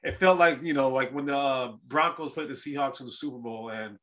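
A man hosting a casual sports podcast, telling stories in an animated, rambling way with lots of restarts. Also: mid-range voice, a little fast. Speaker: podcast host.

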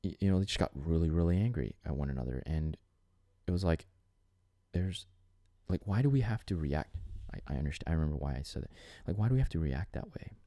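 Very deep-voiced, earnest man podcasting. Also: expressive, a little fast, mellow, dry recording, clean studio sound. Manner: earnest, rambling, with frequent restarts and filler. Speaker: podcast host. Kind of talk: reflective solo podcast monologue.

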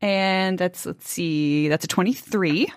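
A woman's voice: lowish voice, slow pace, dry recording, studio quality. A woman playing in a tabletop role-playing game, thoughtful and tentative, with light laughs. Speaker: player.

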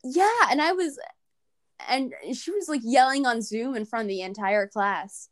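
A teenage girl in casual chat, telling animated stories with laughter. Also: fairly high pitch, unhurried, dry recording. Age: teens. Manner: chatty, animated, laughing storyteller.

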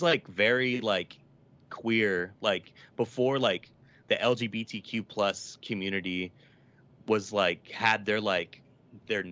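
A man's voice: lowish voice, fairly bright tone. A man in casual, rambling conversation, full of fillers and swearing. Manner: rambling, filler-heavy, profane. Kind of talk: casual chat about movies. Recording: dull lo-fi sound.

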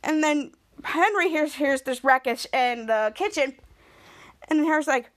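A woman with a high, fairly bright voice hosts a podcast at a moderate pace, recapping a TV episode. She rambles, linking scenes with "and then" and "like," and keeps restarting and correcting herself.

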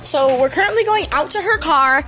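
Excitable high-voiced young woman vlogging. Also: fairly quick. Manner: giggly, excitable, teasing, trails into whispers. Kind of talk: casual vlog chatter.

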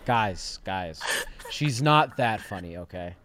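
A man hosting a livestream chat, teasing his guests with loud banter and frequent laughter. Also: on the low side, expressive, slow pace, slight background noise. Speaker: stream host. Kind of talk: casual chat.

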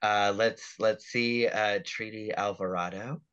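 A man hosting a podcast, chatting casually in a fairly low voice. He talks slowly and playfully. His manner is relaxed and unhurried. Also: dull audio, a crowd in the background. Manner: reads film lines aloud, playful. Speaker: podcast host. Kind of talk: casual chat.

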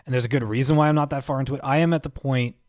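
A man's voice: medium pitch, steady tone, rapid-fire, a little mellow, no echo. Rambling male podcast co-host, dry sound. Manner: rambling, many fillers like "like" and "um". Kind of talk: casual chat about video games.

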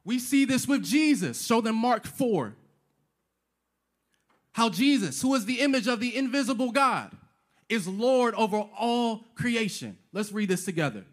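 In a very high, animated voice and at an unhurried pace, a male pastor preaches emphatically and repetitively. He fires off rhetorical questions and drops casual slang into his sermon.

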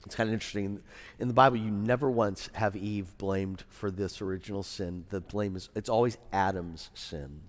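A man pastor preaching a sermon in a conversational way, with wry asides and quieter serious points. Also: on the low side, steady tone, normal speed, big-room sound.

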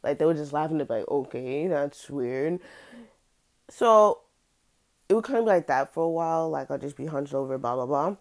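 A young woman telling a personal story in a casual, halting way, full of fillers and restarts. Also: sits low.

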